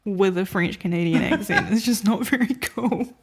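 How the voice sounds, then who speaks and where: A woman's voice: mid-range voice, moderate pace, slightly rough. Chatty woman podcast co-host. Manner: rambling, filler-heavy, laughs often. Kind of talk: casual chat reviewing films.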